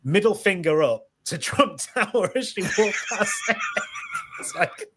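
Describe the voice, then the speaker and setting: A man's voice: high-pitched, very animated, unhurried, background noise. A middle-aged man with a Yorkshire accent, co-hosting a casual chat show and laughing often. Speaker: podcast co-host.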